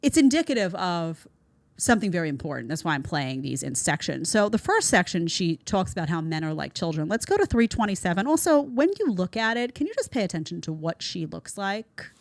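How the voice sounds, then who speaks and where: A woman's voice: fairly low pitch, very animated, brisk, no room sound. A woman hosting a commentary show, giving blunt, sarcastic opinions on viral clips. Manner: blunt, sarcastic, mocks others in mimicking voices. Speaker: host.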